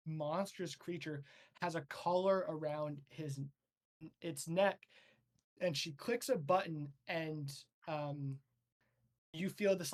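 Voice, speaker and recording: Game master, rambling casual narrator, mid pitch. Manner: loose, rambling narration with many fillers.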